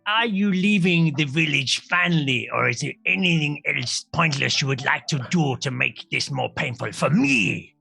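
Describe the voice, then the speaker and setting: A man's voice: a little high, normal speed, creaky, few pauses, bright, forceful tone, slightly rough, soft background music, voice pushed down, full character voice. A man voicing a large, grumpy half-troll shopkeeper woman, exasperated and theatrical.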